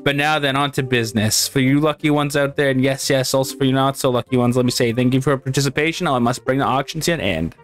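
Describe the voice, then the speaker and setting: A fussy game auctioneer rattles through his closing thanks in quick, formal patter, as a man reads him out in his own voice. The pitch stays middling, with faint music behind. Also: natural voice.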